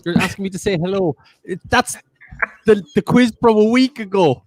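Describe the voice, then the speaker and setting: A man's voice: sits high, normal speed, no room sound. A man with a Cork Irish accent co-hosting a livestreamed quiz, bantering and teasing his partner in casual chat. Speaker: quiz co-host.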